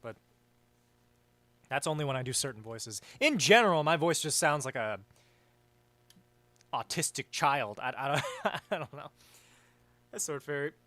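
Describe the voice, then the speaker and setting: A young man hosting a livestream, chatting casually and reading chat, rambling and swearing freely with a vaguely raspy edge. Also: fairly high pitch, lively intonation, moderate pace, pauses often, a bit bright, no room sound. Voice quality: says his voice is vaguely raspy. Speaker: livestream host. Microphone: headset or desk mic with headphones.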